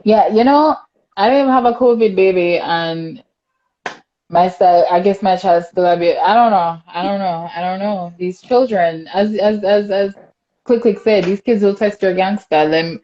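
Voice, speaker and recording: This podcast host, a young Jamaican-accented woman, reads out viewer comments on her laid-back talk show, laughing a lot as she goes. She speaks at a normal speed in a medium-pitched voice, captured with lo-fi sound, and comes across as lively and talkative.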